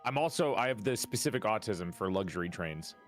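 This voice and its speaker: A man's voice: fairly low pitch, animated, brisk, faint music behind. A man chatting casually and teasing the group. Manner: teasing, playful. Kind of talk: casual chat.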